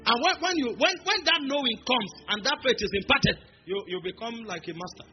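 A man preaching a sermon, emphatic, slowing down to stress key phrases and dropping humorous asides. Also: extremely high pitch, very animated. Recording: dull lo-fi recording with faint music behind.

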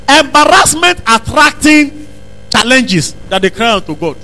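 A male preacher delivers a sermon in a strikingly high, bright voice. He drives points home by repeating lines and rising into shouts. The delivery is fervent and insistent. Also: animated, normal speed, rough recording. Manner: emphatic preaching, repeats phrases, bursts into shouts. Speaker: pastor.

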